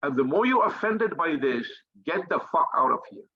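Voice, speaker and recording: Male speaker, high pitch, combative and profane, hammers his points by repeating them, muffled lo-fi recording. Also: big pitch swings, normal speed, husky. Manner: blunt, profane, combative, emphatic repetition. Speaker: think tank leader. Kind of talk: fiery motivational talk.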